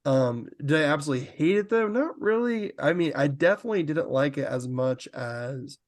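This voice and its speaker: Rambling, animated podcast guy. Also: on the high side, normal speed, no echo, clean studio sound. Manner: animated, rambling, many fillers. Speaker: podcast co-host. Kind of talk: casual podcast chat.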